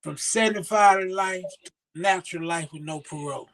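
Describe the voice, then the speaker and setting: Older guy with a high voice, telling stories in a sit-down chat, does the voices of people he quotes. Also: normal speed. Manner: animated, acts out quoted voices. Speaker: interview guest. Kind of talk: storytelling in casual conversation.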